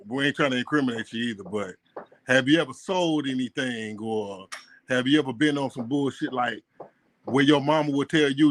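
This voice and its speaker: A man's voice: mid-range voice, normal speed. A man calling into a livestream, asking questions in casual slang. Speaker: call-in guest.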